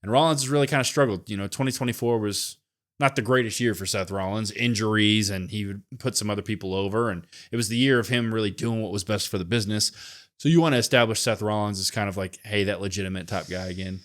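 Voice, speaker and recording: Speaking fast in a fairly low, steady voice, a man co-hosts a podcast and chats casually about wrestling. He offers his opinions and thinks out loud, hedging frequently.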